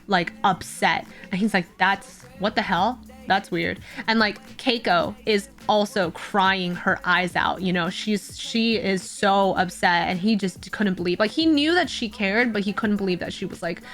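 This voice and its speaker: Chatty young woman streamer rambling. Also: medium pitch. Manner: rambling, heavy on "like" fillers, animated storytelling. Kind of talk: casual chat. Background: faint music.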